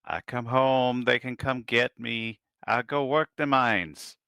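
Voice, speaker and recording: A man's voice: mid-range voice, slow pace, gravelly, sharp tone, clear, resonant tone, no room sound, clean studio sound, pitched above the performer's own voice, exaggerated voice. A man voicing a young male alien who pleads with his mother in a tabletop game. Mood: pleading.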